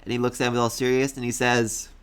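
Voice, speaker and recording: A man giving casual review commentary on a comic chapter, enthusiastic, often laughing and repeating words when excited. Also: mid-range voice, quick pace, clean tone.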